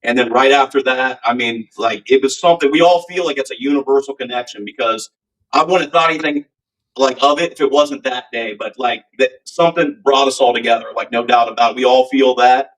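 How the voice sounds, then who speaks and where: A man's voice: mid-range voice, brisk, recorded from a distance, rough recording. Earnest rambling male rock singer. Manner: rambling, earnest, many "you know"s. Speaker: band singer, guest. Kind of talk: casual storytelling interview.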